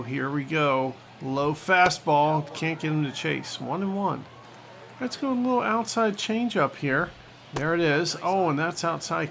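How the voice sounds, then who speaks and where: A man calls a video baseball game pitch by pitch as the channel's host, joking with his viewers and getting loud at every strikeout. His voice is bright and forceful and sits a little high. A faint hiss of noise runs under the recording. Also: vocal fry. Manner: excitable, jokey, talks to viewers. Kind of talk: play-by-play game commentary.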